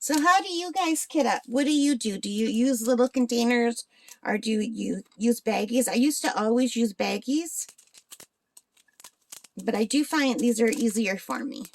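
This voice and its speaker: A woman's voice: a little high, moderate pace. A woman in her forties from northern Ontario, Canada, chatting casually and rambling while she works on a craft. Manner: chatty, rambling, asks viewers questions. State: hiccups. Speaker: crafting channel host.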